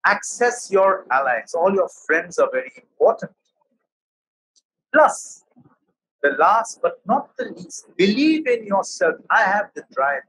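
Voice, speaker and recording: A man's voice: high voice, a bit bright, breathy edge, poor audio. A man with an Indian English accent, a professor giving an emphatic motivational talk. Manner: emphatic, storytelling.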